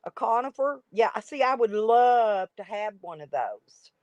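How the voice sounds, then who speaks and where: This livestream host from the United States rambles along with her viewers, reading out their comments in a relaxed chat. She speaks a little slowly in a slightly high, expressive, somewhat mellow voice. The sound is dull, dry lo-fi with no echo.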